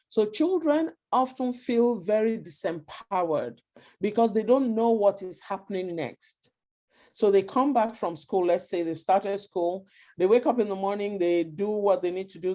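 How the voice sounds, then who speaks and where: A woman's voice: medium pitch, dark tone. A woman giving earnest parenting advice in an online talk over a video call, acting out short example quotes. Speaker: guest speaker on parenting.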